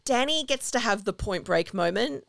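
A woman's voice: a little high, expressive, normal speed, vocal fry, fairly bright tone, no echo, studio quality. A woman hosting a podcast, chatting enthusiastically as she recaps a film. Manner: chatty, enthusiastic, acts out quotes. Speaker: podcast host. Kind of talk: casual chat recapping a film.

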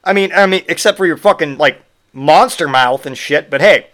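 A man's voice: on the high side, normal speed, a bit bright. A man hosting a podcast, delivering a profane, sarcastic comedic rant. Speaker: podcast host.

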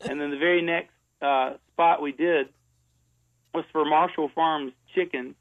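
A man's voice: a little high, fairly even intonation, unhurried. A man telling stories as a guest in an interview, chatty and laughing, with lots of um's and restarts. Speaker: ad music composer, guest. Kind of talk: casual storytelling interview. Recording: tinny phone-like radio sound.

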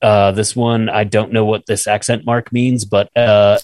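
A man's voice: on the low side, little pitch movement, a little slow, a little mellow, no echo. A man co-hosting a casual podcast, reading his notes aloud, stumbling over French words, swearing and laughing at himself. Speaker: podcast co-host reading research.

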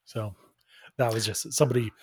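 A man's voice: lowish voice, steady tone, brisk, a little mellow, slightly rough, dry recording, studio quality. A man co-hosting a casual podcast chat, making wry, chatty side remarks. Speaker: podcast co-host.

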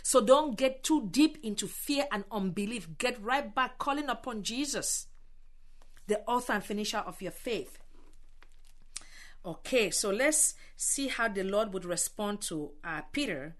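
Animated woman preaching a sermon. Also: mid-range voice. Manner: impassioned, exhorting, with emphatic drawn-out stresses.

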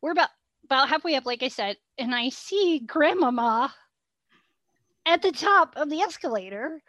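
A woman, co-hosting a podcast and telling an animated story, laughing as she goes. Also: sits high, normal speed, dry recording. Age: 40s. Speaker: podcast co-host. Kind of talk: casual storytelling chat.

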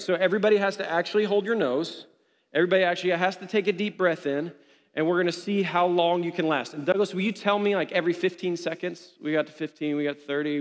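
High-voiced man preaching in a hall. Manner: passionate, builds to shouting refrains. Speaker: pastor. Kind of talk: sermon. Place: church hall. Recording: long hall reverb.

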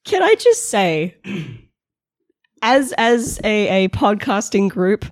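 A woman's voice: medium pitch, sing-song, takes it slowly, no echo, clean studio sound. A woman with an Australian accent chatting and describing her character at a tabletop game. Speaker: player. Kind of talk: casual table talk.

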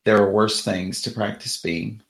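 A man voicing a creepy male sorcerer who speaks in a slow, insinuating, cryptic manner. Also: lowish voice, fairly even intonation, a bit bright. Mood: sinister, musing.

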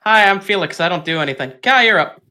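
A man's voice: sits high, animated, fast, bright, forceful tone. A man player introducing himself in a goofy, self-mocking way.

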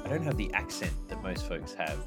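A man with an Australian accent co-hosting a Christian podcast in easygoing chat, upbeat and quick to laugh. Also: deep voice, sing-song, over loud music. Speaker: podcast co-host. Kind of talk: casual faith podcast chat.

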